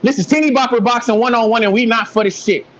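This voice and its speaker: A man's voice: very high-pitched, quick pace, lo-fi sound. A man calling in to rant about boxing, fired up and heavily profane. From American Midwest. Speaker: caller. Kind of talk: heated boxing call-in rant.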